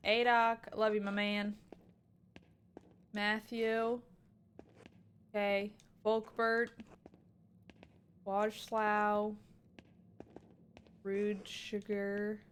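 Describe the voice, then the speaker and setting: A woman's voice: mid-range voice, flat delivery, extremely slow, pauses often, clear, resonant tone. A woman streaming a game, chatting in a bubbly, exclamatory and playful way. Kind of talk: casual game stream chat.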